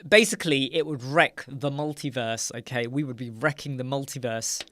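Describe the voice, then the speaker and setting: A man from the United Kingdom hosts a casual live chat in a dark room with soundproof panels, reading viewer comments aloud, joking and laughing often. His voice is medium-pitched and a bit bright, with fairly even intonation at normal speed.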